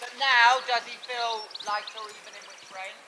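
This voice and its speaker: A man with a fairly high voice coaches a rider, asking patient, probing questions. Clear outdoor noise and hoofbeats run behind him in the arena. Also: fairly even intonation, normal speed. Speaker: riding coach. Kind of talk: coaching a jumping lesson. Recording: outdoor noise with horse hooves.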